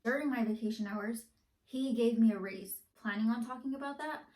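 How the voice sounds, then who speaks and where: A woman's voice: a little high, brisk, a little mellow. Young woman, casual storytime vlogger, rambling and full of fillers, recorded in a reverberant room. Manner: rambling, heavy use of "like". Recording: echoey room.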